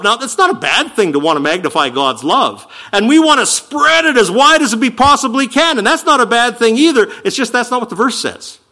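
A high, bright male voice preaching with lively swings in pitch. He explains each point in an animated, emphatic teaching style and slows right down to lean on key words. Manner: animated, emphatic teaching with slow stressed quotes. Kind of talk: sermon.

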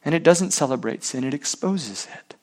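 A man's voice: on the high side, lively intonation, normal speed, darkish tone. A man preaching a sermon, asking rhetorical questions and using sports analogies. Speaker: pastor.

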